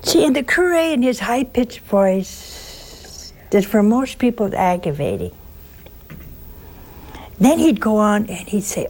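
Woman, nun, storytelling sermon, unhurried, emphatic, rhetorical questions. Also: medium pitch, big pitch swings, a little mellow, slight background noise. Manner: slow, emphatic, rhetorical questions and folksy asides.

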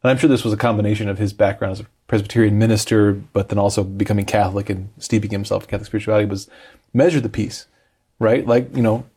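Fast-talking male interview host. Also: fairly low pitch, fairly even intonation, mellow, breathy edge. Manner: quick, easygoing, with many fillers. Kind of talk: interview on a faith program.

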